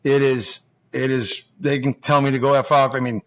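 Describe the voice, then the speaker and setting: With little pitch movement and a moderate pace, a man in his forties speaks in a mid-range voice as a podcast guest. The former pro hockey player, now coaching juniors, tells casual stories that are loose, rambling and profane, acting out quoted dialogue.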